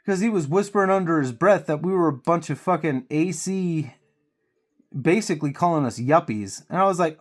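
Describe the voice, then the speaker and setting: A man's voice: fairly high pitch, moderate pace. A man with a cold, venting heatedly and profanely while he paints miniatures on his channel. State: congested with a cold.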